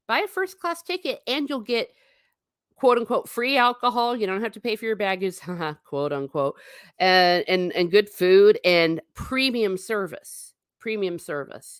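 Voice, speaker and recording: Reading chat comments aloud on her livestream, this middle-aged host rambles and chats with lively swings in pitch. She talks at a normal speed, and the recording is dry and studio quality.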